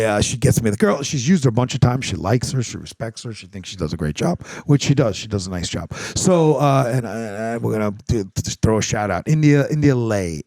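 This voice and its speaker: A man's voice: mid-range voice, creaky, a little mellow. A middle-aged man hosting a podcast, telling a story in casual chat, acting out quotes and swearing freely. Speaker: podcast host.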